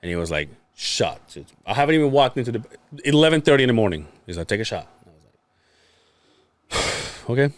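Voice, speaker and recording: A man's voice: medium pitch, big pitch swings, brisk, long pauses, dry recording. A man, a podcast co-host, telling a story in casual chat, acting out quotes, laughing and swearing freely.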